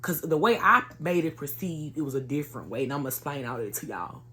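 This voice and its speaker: Woman, low voice, earnest vlog testimony, chatty and direct with viewers. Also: expressive, quick pace, fairly bright tone. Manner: earnest, conversational, addresses viewers as y'all. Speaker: vlogger sharing a personal testimony. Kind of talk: emotional personal storytelling to viewers.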